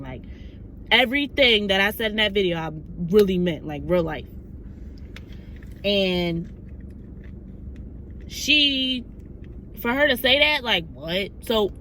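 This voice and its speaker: Female vlogger, bright tone, faint background noise, animated storyteller. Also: medium pitch. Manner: excited, animated retelling with quoted asides. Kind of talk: casual storytime vlog.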